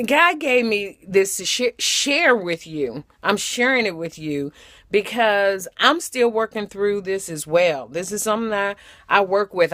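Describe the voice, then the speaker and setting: A woman's voice: medium pitch, fairly bright tone, dry recording, studio quality. A woman giving a short, conversational devotional message, repeating phrases for emphasis. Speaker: devotional speaker.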